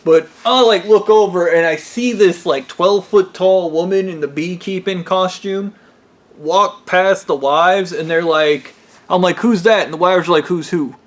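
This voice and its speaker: Excitable, profane man with a slightly high voice. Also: a little slow. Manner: profane, excitable, breaks into loud yells. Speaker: vlogger. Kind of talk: casual storytelling.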